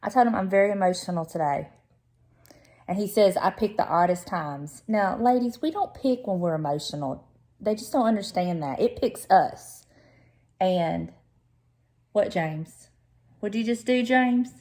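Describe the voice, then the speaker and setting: A woman's voice: medium pitch, expressive, a little slow, long pauses, warm tone. A woman with a Southern American accent chatting casually to the camera at home, teasing and laughing often as she talks. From Southern United States. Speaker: lifestyle vlogger.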